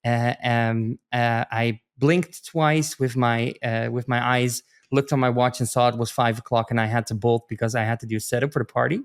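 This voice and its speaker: A man's voice: medium pitch, normal speed, hardly any pauses, clean tone. A man from the Netherlands, a podcast guest chatting casually and telling rambling stories full of restarts. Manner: animated storyteller, rambling with many restarts.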